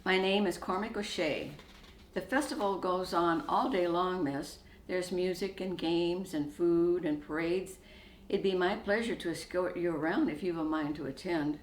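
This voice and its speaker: Courteous young Irishman, old-fashioned manners, read by a woman, lowish voice, echoey room. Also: normal speed, a little hiss or hum, lightly acted. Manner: polite, courteous, calls her miss.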